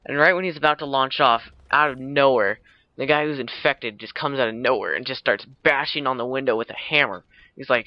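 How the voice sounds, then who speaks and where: A young man uploads a casual movie recap vlog, rambling through the film's plot with plenty of fillers and self-corrections. His mid-range voice holds a steady tone at a brisk pace. The dull, lo-fi home recording has no room sound.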